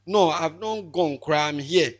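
A man's voice: a little high, expressive, moderate pace, fairly bright tone. A young man in his twenties with a Ghanaian accent, a pastor giving an emotional, joking farewell sermon with lots of repetition. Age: 20s.

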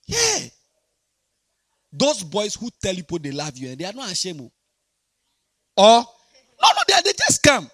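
A man preaching a sermon to young people, animated and repetitive, swinging between quiet talk and shouting. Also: high voice, normal speed, long pauses, dry recording, clean studio sound. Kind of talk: sermon to a youth congregation.

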